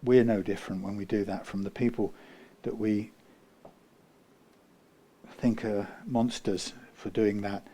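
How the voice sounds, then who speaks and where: A man working as a guitar technician who muses aloud while he works, rambling and often trailing off into quiet muttering. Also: lowish voice, little pitch movement, measured pace, pauses often.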